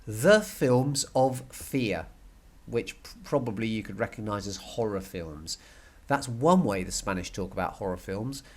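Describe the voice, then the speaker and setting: A man teaching a recorded language lesson, explaining step by step, repeating key words and checking with "okay?". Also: mid-range voice.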